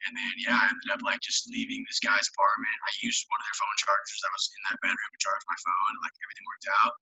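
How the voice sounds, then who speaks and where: A man's voice: lowish voice, fast talker, breathy edge, whispered. A young man guest on a podcast, swearing and saying "like" constantly as he tells a wild story. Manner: loose, profane, heavy use of filler words; animated anecdote telling. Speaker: guest, hockey player and rapper. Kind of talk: casual storytelling in a podcast interview.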